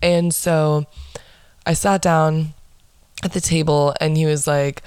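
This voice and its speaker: A woman's voice: low voice, flat delivery, slow, pauses often, a little mellow, clean tone, dry recording, studio quality. A young woman hosting a podcast, telling stories in a blunt, sarcastic and profane casual monologue. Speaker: podcast host.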